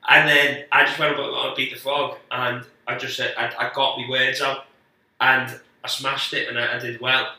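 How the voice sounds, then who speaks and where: A man's voice: medium pitch, little pitch movement, normal speed, sharp tone, distant mic. A man, a guest comedian telling rambling, sweary stories in casual chat with lots of restarts. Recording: very echoey, off-mic.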